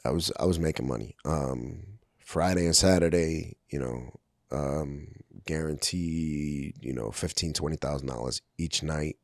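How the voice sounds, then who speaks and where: Rumbling low and creaky, the voice of this middle-aged Brooklyn native moves at a measured pace as he openly recounts his life on a podcast, filling it with ums and performed dialogue. The sound is clean studio audio with no room tone.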